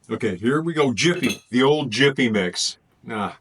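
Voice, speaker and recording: A man's voice: medium pitch, expressive, normal speed, husky. Chatty man rambling through a taste test. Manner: rambling, thinks aloud between bites. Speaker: food reviewer. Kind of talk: casual taste-test vlog.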